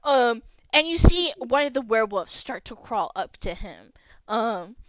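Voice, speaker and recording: Young woman running a tabletop game, a bit high voice, dry muffled lo-fi mic. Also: sing-song, unhurried, no echo. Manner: rambling, filler-heavy narration. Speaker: game master. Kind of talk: narrating a tabletop game over voice chat.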